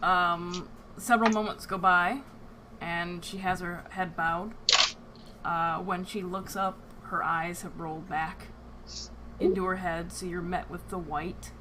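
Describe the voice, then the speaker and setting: A woman running a tabletop role-playing game as game master, describing scenes with frequent filler pauses. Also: lowish voice, fairly even intonation, background noise.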